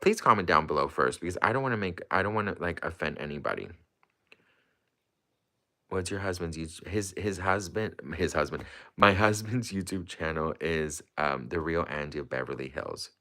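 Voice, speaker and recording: A man chatting casually on a livestream, excitable and rambling with lots of fillers. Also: low-pitched, normal speed.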